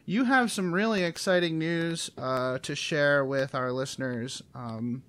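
A man's voice: on the high side, unhurried, a bit bright, clear, resonant tone. A man hosting a podcast in casual chat, talking enthusiastically with rambling restarts and frequent laughter. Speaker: podcast host.

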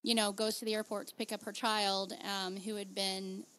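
Chatty woman podcast host. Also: mid-range voice. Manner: chatty, animated, quick laughs. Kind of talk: casual chat.

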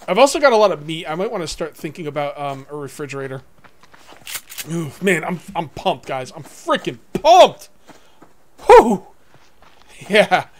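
A young man giving casual gameplay commentary to viewers, excitable, swinging from muttering to whooping. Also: fairly high pitch, brisk. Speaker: let's play gamer.

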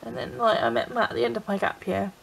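A woman's voice: a little high, steady tone, quick pace, gravelly, slight background noise, low-quality recording. A young woman from England talking emotionally in a confessional vlog, tearful and filling her talk with "like". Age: young adult. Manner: emotional, tearful, frequent "like" fillers. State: crying. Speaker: vlogger.

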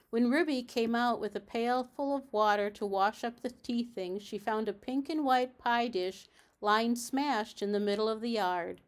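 A woman from a library reading a children's storybook aloud, in a gentle, measured manner. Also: fairly high pitch.

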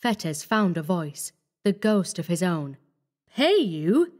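Woman, horror story narrator, measured, grave, scripted reading. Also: on the low side, darkish tone.

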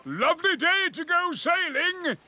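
A man voicing an old, boastful male rabbit sailor in a cartoon, hearty and booming. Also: very animated, measured pace, over music, exaggerated voice. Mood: jolly.

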